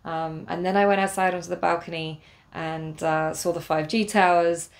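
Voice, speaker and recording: English woman with a gravelly voice. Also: on the low side, steady tone, normal speed. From England. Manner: rambling, many fillers and restarts; spiritual, earnest. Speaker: travel vlogger. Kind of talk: casual spoken travel diary.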